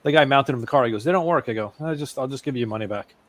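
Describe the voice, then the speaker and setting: Man, mid-pitched voice, halting casual storyteller, dry close sound. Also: dry recording. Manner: halting, repeats himself, laughs at his own story.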